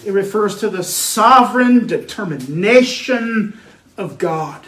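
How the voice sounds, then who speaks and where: A man's voice: high-pitched, lively intonation, slow, fairly bright tone, echoey room, low-quality recording. A man preaching a sermon as pastor, earnest and emphatic, building his points through repeated phrases.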